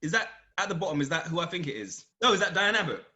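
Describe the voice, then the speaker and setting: A young man with a high, animated voice jokes crudely and teases his hosts, breaking into laughs. His voice sits in an echoey room, bright and sharp. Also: fast talker, lo-fi sound. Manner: crude, teasing, laughs often. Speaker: guest playing a chat game. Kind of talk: joking casual banter. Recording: roomy echo.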